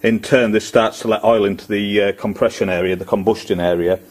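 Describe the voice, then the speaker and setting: A man's voice: lowish voice, steady tone, brisk. A man explaining engine faults in a matter-of-fact technical way, a light laugh in his voice.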